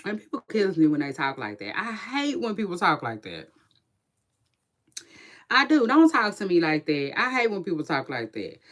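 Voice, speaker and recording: A woman's voice: on the low side, very animated, normal speed, fairly bright tone. A woman with children, chatting casually and outspokenly about celebrity gossip on a live stream, laughing often and using slang. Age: adult with children. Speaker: commentary vlogger reacting to celebrity gossip.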